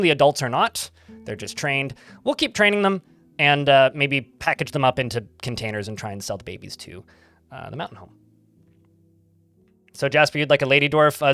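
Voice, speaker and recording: A chatty man streaming a game, rambling to his chat with a lively, somewhat high voice that swings up and down. The mic is close and dry, with faint game music underneath. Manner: chatty, rambling, laughs easily. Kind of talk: casual live-stream commentary.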